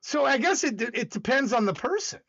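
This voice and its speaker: A high, bright-toned man with a Southern accent rambles through casual livestream chat, arguing with his viewers. His pitch jumps around a lot, and the sound comes through slightly dull, lo-fi stream audio. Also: very animated, moderate pace. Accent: Southern American. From American South. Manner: rambling, talks back to chat, argumentative. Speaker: livestream host.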